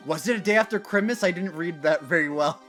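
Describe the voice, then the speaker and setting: A man streaming a game, chatting casually with his viewers in a giggly, animated way. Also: on the high side, fast, soft background music. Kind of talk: casual gaming stream chat.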